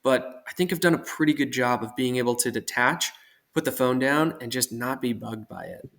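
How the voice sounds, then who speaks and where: A man from Oregon speaks as a podcast guest, earnest and reflective. He talks at a medium pitch, thinking his points through at length in a relaxed conversational way. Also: moderate pace. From Portland, Oregon. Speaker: guest, armorer.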